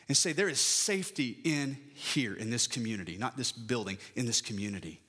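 A man's voice: mid-range voice, expressive, brisk, few pauses, pushed and bright, husky. A middle-aged man preaching a sermon, building emphatic lists and telling a personal story from the pulpit. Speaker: pastor.

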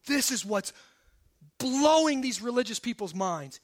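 A male pastor preaching a sermon to his congregation, swinging between forceful emphasis and hushed low asides. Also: expressive, measured pace. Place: church service.

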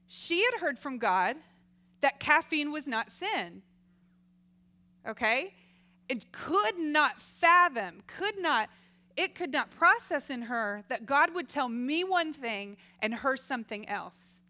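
A middle-aged woman giving a casual Christian teaching talk, telling stories lively and acting out voices. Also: high-pitched, slow. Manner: lively storytelling, acts out quoted voices, laughs often. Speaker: Christian speaker.

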